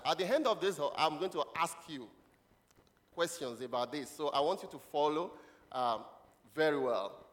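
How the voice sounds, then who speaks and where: A man's voice: on the high side, animated, normal speed. A man preaching a children's sermon, leading the congregation in call-and-response and quizzing them with questions and laughs. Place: church hall. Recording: long hall reverb.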